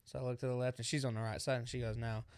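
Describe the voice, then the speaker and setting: A man's voice: mid-range voice, racing, no room sound, clean studio sound. A young man co-hosting a podcast, telling a story in casual chat and acting out the voices of the people in it. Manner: animated storyteller acting out quotes. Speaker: podcast co-host.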